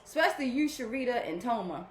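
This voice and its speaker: A woman hosting a spiritual program, talking casually and warmly to her followers, often repeating herself as she rambles. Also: on the high side, lively intonation, fast, roomy sound, faint music behind.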